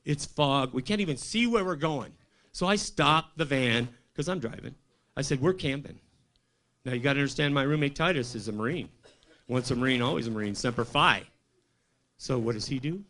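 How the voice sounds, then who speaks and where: A man from Colorado working a small club stage at an open mic. His pitch swings widely as he rambles through deadpan stories and throws questions at the crowd. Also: moderate pace. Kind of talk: stand-up comedy set.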